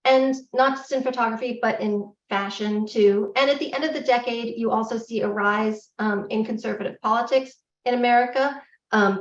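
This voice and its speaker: A middle-aged woman giving a public lecture in a candid, self-deprecating, animated way. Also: fairly high pitch. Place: lecture hall. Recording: echoey hall, distant, dull lo-fi.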